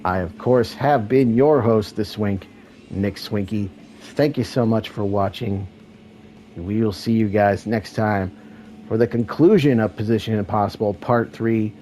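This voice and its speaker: A man hosting and calling a wrestling video game match as a solo play-by-play commentator, with excitable calls and joking asides. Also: lowish voice, slight background noise, poor audio. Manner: excitable play-by-play, rising to shouts at near-falls; self-deprecating asides.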